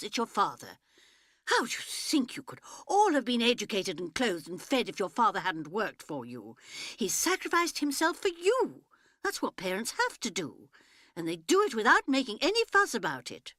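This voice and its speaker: A woman's voice: on the low side, huge pitch swings, unhurried, a bit bright, no echo, studio quality, exaggerated voice. A woman voicing a prim, self-righteous middle-aged mother who scolds her children. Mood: scolding.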